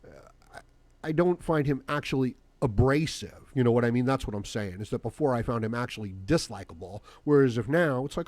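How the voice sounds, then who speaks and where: A man's voice: mid-range voice, animated, fairly quick, a little mellow, dry recording. A man hosting his own podcast in a rambling, profane solo monologue that is full of fillers. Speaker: podcast host.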